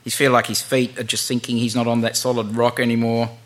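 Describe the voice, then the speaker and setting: A man preaching an informal sermon, chatting with many fillers and reading Bible verses aloud slowly. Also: mid-range voice, completely flat delivery, slight background noise.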